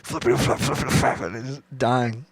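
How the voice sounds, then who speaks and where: A man's voice: mid-range voice, level tone, measured pace, creaky, breathy edge, dry recording. A man talking casually as a podcast guest and comedian, chatty and agreeable, chiming in with short replies. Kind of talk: casual storytelling chat.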